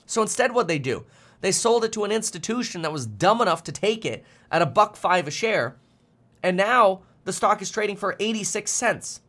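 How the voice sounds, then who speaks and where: Man, finance streamer, worked-up rant, blunt, stammers and repeats, slightly high voice. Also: expressive, moderate pace, bright, forceful tone. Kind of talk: ranting livestream commentary.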